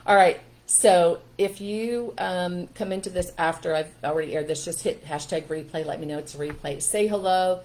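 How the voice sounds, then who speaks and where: A woman's voice: on the low side, normal speed, hardly any pauses, a little mellow, poor audio. A middle-aged woman from Pennsylvania hosting a casual live stream as a parenting coach, talking earnestly and greeting viewers by name. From Pennsylvania, USA.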